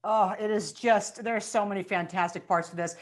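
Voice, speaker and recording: A woman's voice: mid-range voice, fairly even intonation, fairly quick, slight background noise. A woman host interviewing film cast members, gushing with effusive praise between her questions. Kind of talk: press junket interview.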